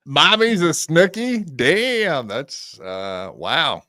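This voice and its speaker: A man's voice: fairly high pitch, very animated, drawn-out words, pushed and bright, no echo, clean studio sound. A man trading sarcastic, teasing quips in a casual podcast chat.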